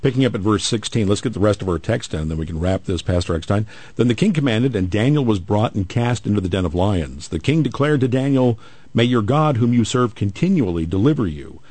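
A man hosting a radio show, reading scripture aloud in a measured way and adding playful asides. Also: fairly low pitch, animated, darkish tone, breathy edge, dry recording.

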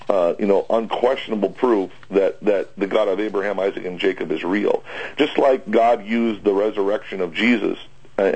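A man, a pastor, talking through a Bible passage on a radio broadcast, halting with many fillers and restarts. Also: lowish voice, darkish tone, slightly rough, lo-fi sound. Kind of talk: conversational Bible discussion.

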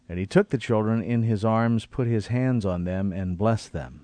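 A man's voice: fairly low pitch, normal speed, few pauses, warm tone, dry recording. A man reading scripture aloud and reflecting on it in a conversational Bible study. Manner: reads scripture aloud, then reflects thoughtfully.

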